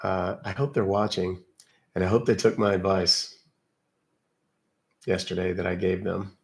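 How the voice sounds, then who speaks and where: A man with a slightly low voice chats his way through a live stream, loose and unscripted. He talks in a folksy, rambling manner, dropping in "uh"s and mild old-fashioned exclamations as he goes. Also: little pitch movement, unhurried. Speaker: live-stream host baiting scam callers. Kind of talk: casual live-stream chat.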